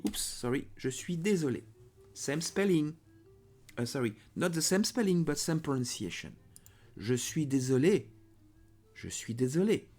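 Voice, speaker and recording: A man with a French accent teaching a language lesson, patient and repeating phrases slowly, sometimes correcting himself. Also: fairly high pitch, a little mellow.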